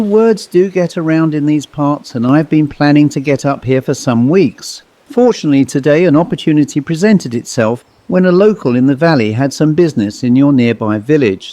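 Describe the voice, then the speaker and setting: A man voicing a jolly, upper-class elderly English gentleman with an English accent and hearty, old-fashioned manner. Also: fairly high pitch, expressive, moderate pace, few pauses, no echo, close to an everyday voice. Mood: jovial.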